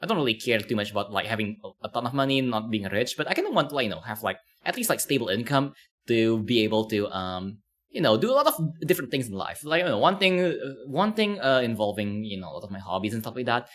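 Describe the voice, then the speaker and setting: A man's voice: mid-range voice, very animated, quick pace, a bit bright. A man streaming casually, commenting on a video with rambling talk full of fillers and laughs.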